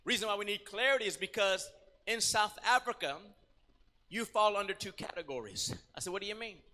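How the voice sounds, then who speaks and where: A middle-aged man from Puerto Rico, a pastor preaching a sermon, telling stories dramatically and rising to shouts. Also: high-pitched, expressive, moderate pace, big-room sound. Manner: dramatic storytelling, acting out scenes, rising to shouts. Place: church.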